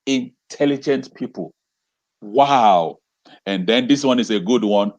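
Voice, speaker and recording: Man, interview guest, emphatic, repeats himself, rhetorical questions, video call, mid pitch. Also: unhurried, darkish tone, muffled recording. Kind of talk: impassioned talk on a video call.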